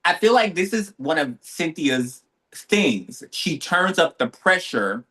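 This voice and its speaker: A man co-hosting a podcast, telling a story in lively, casual chat with quick asides. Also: on the high side. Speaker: podcast co-host.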